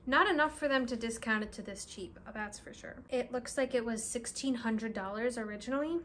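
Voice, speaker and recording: A young woman who runs a crystal shop, talking through her purchases in a casual, excitable vlog with lots of "like" and "really, really". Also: fairly high pitch, a little hiss or hum. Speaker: crystal shop owner and vlogger. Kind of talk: casual show-and-tell vlog.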